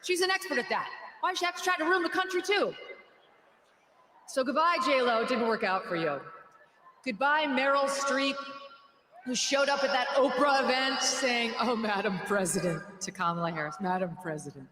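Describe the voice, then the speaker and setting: A woman's voice: high-pitched, lively intonation, normal speed, long pauses, bright, forceful tone. A woman giving a political rally speech, joking and mocking in a sarcastic way. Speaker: rally speaker. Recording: echoey arena with faint crowd noise.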